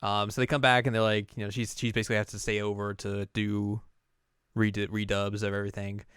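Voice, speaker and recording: A man's voice: fairly low pitch, flat delivery, fairly quick, a bit bright, clean tone, no echo, studio quality. A man hosting a casual anime recap, rambling with lots of fillers and acting out the characters. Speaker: host.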